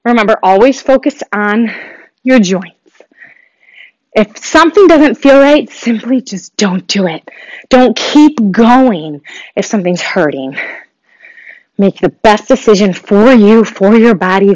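A woman's voice: medium pitch, darkish tone, dry recording, highs cut off. A woman fitness instructor guiding a workout, upbeat and encouraging, a little out of breath as she exercises along. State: breathing heavily.

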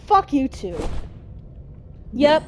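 A woman's voice: high voice, sing-song, very slow, slight background noise. A woman giving frustrated gameplay commentary, cursing at the game nonstop. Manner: constant angry cursing at the game. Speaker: gamer.

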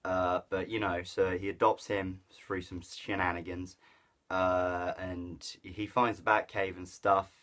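A man's voice: sits low, flat delivery, measured pace, a bit bright. A man giving a casual, rambling film review full of fillers and restarts. He is enthusiastic and chuckles at the jokes he retells. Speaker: movie reviewer.

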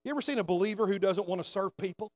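High-voiced man preaching a sermon. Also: rapid-fire. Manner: preaching with rising emphasis, calls for amens. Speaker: senior pastor. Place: church sanctuary.

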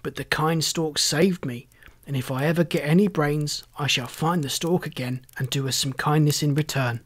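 A storyteller voicing a gentle, grateful scarecrow man in a storybook reading, slow and soft. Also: mid-range voice, breathy edge, natural voice.

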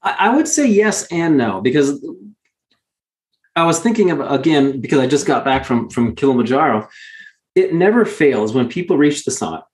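A man's voice: mid-range voice, animated, moderate pace, reverberant. A male guest telling candid stories in an earnest, emphatic way, often restarting his words. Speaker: guest, mountain guide. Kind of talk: candid conversational storytelling.

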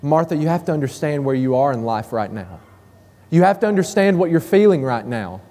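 A man preacher voicing a gentle, loving male teacher who speaks with compassion. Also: on the high side, big pitch swings, a little fast. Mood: compassionate. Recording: long reverb of a church hall.

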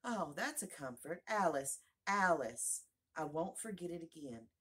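A woman's voice: low-pitched, expressive, measured pace, fairly bright tone, breathy edge, heavily acted. A woman voicing Alice, a curious young girl who rambles and muses aloud to herself, in a storybook reading. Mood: musing.

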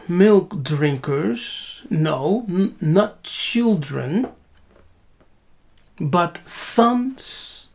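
A woman's voice: lowish voice, vocal fry, a little mellow. A woman giving a spiritual teaching, asking rhetorical questions and answering them herself with emphatic repetition.

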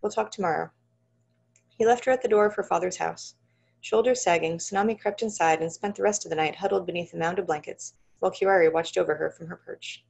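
A woman author reading her own fantasy novel aloud in a steady narrating voice. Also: on the low side, quick pace, vocal fry.

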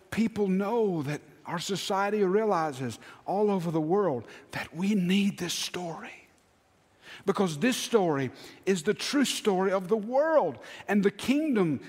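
Earnest preacher in a reverberant church. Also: male voice. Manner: earnest preaching, swinging between hushed low lines and raised emphatic ones. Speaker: pastor. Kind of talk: sermon. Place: church sanctuary. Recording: long church hall reverb.

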